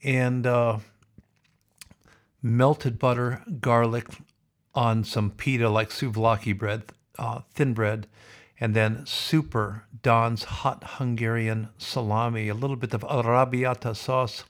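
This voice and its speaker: A man's voice: mid-range voice, steady tone, slow pace. A man hosting a podcast, delivering a sardonic, opinionated rant. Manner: sardonic, ranting. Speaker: podcast host. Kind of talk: opinionated monologue.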